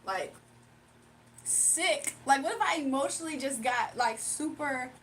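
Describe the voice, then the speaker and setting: A woman hosting a casual livestream, talking straight to her viewers and chat, animated and laughing often. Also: sits high, measured pace. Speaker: livestream host. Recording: distant mic with faint background noise.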